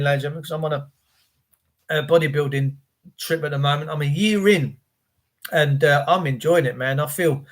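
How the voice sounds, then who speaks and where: Bloke hosting a stream, rambly and blunt, higher voice. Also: male voice, fairly bright tone. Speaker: livestream host. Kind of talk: casual rambling livestream rant.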